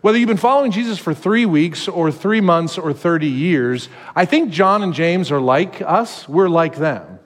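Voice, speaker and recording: A male pastor giving a sermon in a conversational, animated storytelling manner. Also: on the high side, normal speed, hardly any pauses, long reverb tail.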